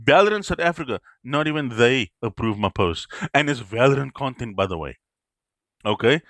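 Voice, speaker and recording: A man's voice: mid-range voice, lively intonation, normal speed, a bit bright, no room sound. A man hosting a gaming channel, delivering a frustrated, blunt and rambling rant in casual commentary. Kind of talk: ranting commentary vlog.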